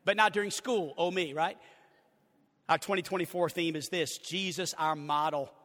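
A man's voice: fairly high pitch, steady tone, normal speed, a bit bright. A man preaching a sermon as pastor, emphatic and repeating his key phrases. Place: church sanctuary. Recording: long church hall reverb.

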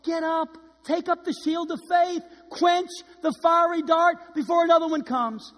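A middle-aged man preaching a sermon as pastor, dynamic, swinging between hushed and loud delivery. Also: extremely high pitch, fairly even intonation, a little slow, long reverb tail. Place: church sanctuary.

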